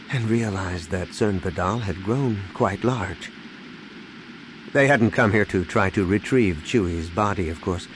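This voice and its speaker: Male audiobook narrator, lowish voice, measured dramatic read, faint hiss. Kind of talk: scripted narration.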